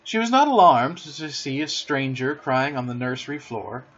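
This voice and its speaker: A man narrating a storybook aloud with expressive, dramatic storytelling, on a muffled lo-fi recording. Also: mid-range voice, moderate pace, slightly rough.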